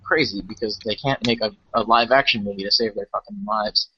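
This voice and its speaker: A man's voice: on the low side, fairly quick. A man co-hosting a podcast, sarcastic and joking, swearing freely in casual chat over an online call. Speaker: podcast co-host. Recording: dull lo-fi call audio.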